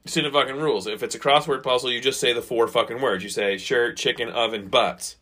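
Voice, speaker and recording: A man's voice: medium pitch, steady tone, quick pace, sharp tone. A man co-hosting a casual podcast chat, loose and profane, arguing his point with a laugh. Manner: loose, profane, argumentative banter. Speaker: podcast co-host.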